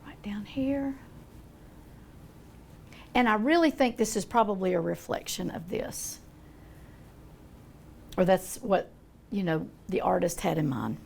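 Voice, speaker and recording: A woman's voice: lowish voice, normal speed, creaky, long pauses, a little hiss or hum. An older woman demonstrating a painting, talking in a chatty, folksy way as she thinks aloud. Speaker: art teacher.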